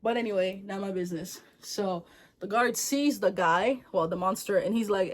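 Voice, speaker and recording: A woman's voice: mid-range voice, normal speed. A woman vlogger retelling a folktale in a chatty, slangy, digressive way. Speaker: storyteller vlogger.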